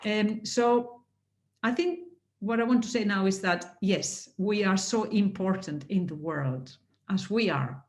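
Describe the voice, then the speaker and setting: A woman giving heartfelt closing remarks on a video call, earnest and halting, with many restarts and moments of emotion. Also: medium pitch. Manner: emotional, laughing softly. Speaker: speaker at a network anniversary. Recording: roomy echo.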